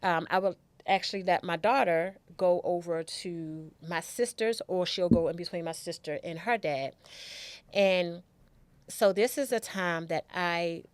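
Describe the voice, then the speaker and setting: A woman with a lowish voice talks through her own story as an interview guest. She speaks haltingly, often breaking off and starting again, and leans on repetition to drive her points home. The sound is dry and close, with no room echo. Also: clear, resonant tone. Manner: halting, with restarts and emphatic repetition. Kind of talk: personal storytelling in conversation.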